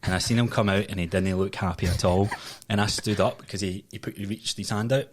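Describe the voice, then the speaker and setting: Low-voiced Scottish man telling stories. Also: steady tone, a little fast, a little hiss or hum. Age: late 20s. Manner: storytelling, laughs often, swears freely. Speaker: podcast guest. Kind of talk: casual podcast chat.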